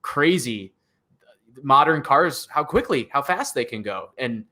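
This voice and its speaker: Bright-voiced, rambling car show co-host. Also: male voice, mid-range voice, lively intonation, a little slow. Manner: rambling, heavy on filler words like "like" and "you know". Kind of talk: casual live-stream chat.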